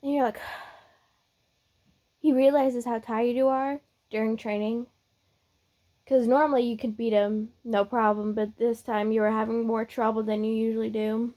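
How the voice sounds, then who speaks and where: A woman's voice: a little high, little pitch movement, mellow. A woman narrating a reader-insert story in a casual, chatty way. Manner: unhurried, chatty, with fillers.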